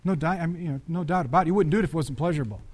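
A middle-aged man preaching a sermon, conversational and animated, with frequent restarts and sudden loud peaks. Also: on the high side, rapid-fire, husky. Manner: restarts and repeats words often. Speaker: pastor.

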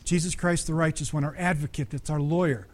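Middle-aged male pastor, slightly high voice, lively conversational preaching with sudden loud peaks. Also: fairly quick. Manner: restarts and repeats words often. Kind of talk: sermon.

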